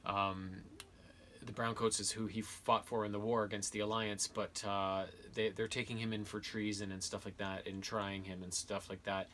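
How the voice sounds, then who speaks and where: A man with a fairly low but bright, forceful voice talks through a book review in a loose, rambling way. He piles on fillers and restarts his sentences often. A faint background noise sits under his voice. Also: little pitch movement, normal speed. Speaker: video host reviewing books and games. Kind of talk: casual spoken review.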